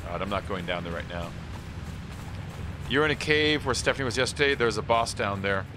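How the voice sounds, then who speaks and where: A man streaming a game, chatting casually with a teammate in a playful, animated way and swearing freely. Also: on the low side, fairly quick, music in the background. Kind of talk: casual gameplay commentary.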